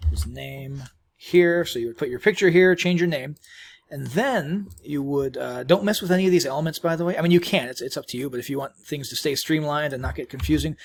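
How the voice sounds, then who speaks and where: A man presenting a screen-recorded software tutorial in a casual, rambling way, full of ums and restarts, chewing while he talks. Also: medium pitch, husky.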